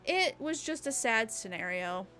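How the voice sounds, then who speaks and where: A woman's voice: a little high, big pitch swings, measured pace, sharp tone, soft background music. A young woman streaming a casual late-night chat, rambling and chatty, peppering her talk with "like" and the odd swear word. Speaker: VTuber streamer.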